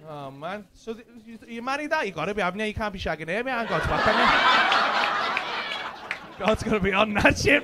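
A man's voice: high voice, expressive, quick pace. A man doing brash, sweary crowd work as a stand-up comedian on a club stage. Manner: brash, sweary, teasing banter. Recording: live club audio with crowd laughter and noise.

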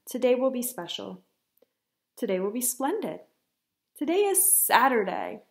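A woman's voice: on the high side, sing-song, a little slow, creaky, a little mellow, full character voice. A woman voicing a fretful, loving young mother in a picture book, with a dramatic, sing-song manner. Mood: reassuring. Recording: echoey room.

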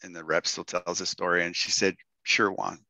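A man's voice: sits low, little pitch movement, moderate pace, creaky, sharp tone, no room sound. A middle-aged man from Texas, telling a story to a workshop audience and acting out the quotes in raised voices. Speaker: guest speaker.

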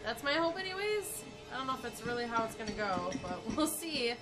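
A woman playing a horror video game and commenting on it casually, reacting emotionally with shouts and quiet, sad muttering. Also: on the high side, big pitch swings, a little fast, over loud music. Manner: emotional, swings between shouting and sad mumbling. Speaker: let's play gamer.

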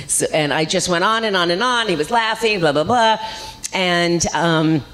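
A woman, an actress at a convention panel, telling lively, rambling stories about her career. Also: lowish voice, normal speed. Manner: chatty, rambling, lively storytelling.

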